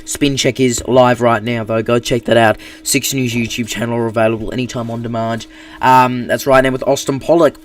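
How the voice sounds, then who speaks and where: Australian man, live news anchor, halting, full of fillers, set back from the mic. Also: medium pitch, little pitch movement, recorded from a distance, a little hiss or hum. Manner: halting, many fillers and restarts. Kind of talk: live streamed news coverage.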